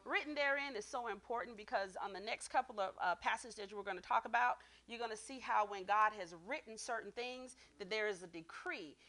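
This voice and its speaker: A woman's voice: a little high, fairly quick, hardly any pauses, fairly bright tone. A woman guest preacher delivering a sermon, reading scripture and pressing points with call-and-response questions to the congregation.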